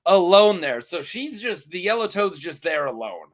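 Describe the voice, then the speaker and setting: A man's voice: high voice, big pitch swings, normal speed. A man hosting a lore channel, chatting casually and animatedly, rambling and laughing often.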